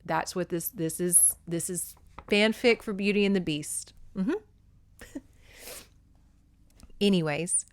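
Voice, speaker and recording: A woman's voice: lowish voice, takes it slowly, pauses often, dry recording. A woman hosting a podcast, recapping a romance novel in a chatty, profane way with lots of fillers. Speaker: podcast host. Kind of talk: casual book recap.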